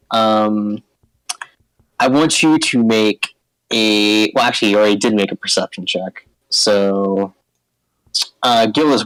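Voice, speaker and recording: A man's voice: on the low side, dry recording, rough recording. A man narrating as game master in a tabletop game, hesitant with many fillers.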